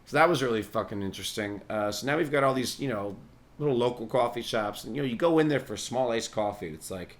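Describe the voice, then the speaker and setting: Profane rambling man, slightly low voice. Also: fast. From New York. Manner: profane, sardonic, laughs at own jokes. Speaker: podcast host. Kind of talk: rambling casual monologue.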